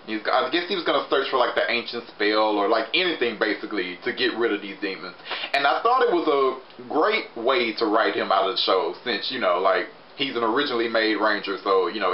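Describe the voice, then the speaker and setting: A young adult man giving a chatty, animated review with plenty of fillers. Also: fairly low pitch. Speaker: show reviewer. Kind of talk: casual review vlog. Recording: roomy, slightly muffled recording with faint hiss.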